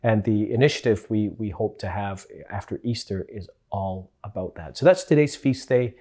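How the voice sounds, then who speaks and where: Chatty Scottish priest, lowish voice. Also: male voice, normal speed, warm tone. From Scotland. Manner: chatty and homely, with playful asides. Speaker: parish priest. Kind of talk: casual spoken reflection.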